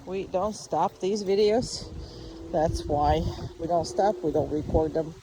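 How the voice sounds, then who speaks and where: A dog trainer running a lesson outdoors, switching between crisp one-word commands and patient explanations. The voice sits at a middling pitch and lifts into sing-song praise. Faint noise hangs behind the talk. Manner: brisk short commands mixed with coaching explanations. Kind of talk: live dog training instruction.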